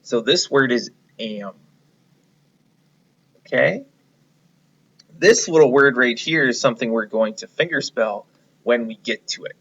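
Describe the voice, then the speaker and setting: A man's voice: medium pitch, animated, fairly bright tone, breathy edge, muffled recording. A man teaching a reading lesson to young children, encouraging them and leading them step by step. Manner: slow, encouraging, leads the class step by step.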